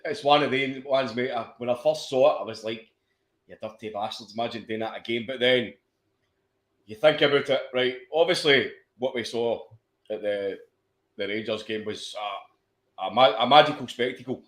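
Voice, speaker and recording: A man's voice: medium pitch, normal speed, fairly bright tone, echoey room. A Scottish man co-hosting a casual football podcast, laid-back and stammering on his starts, with the odd swear. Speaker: podcast co-host.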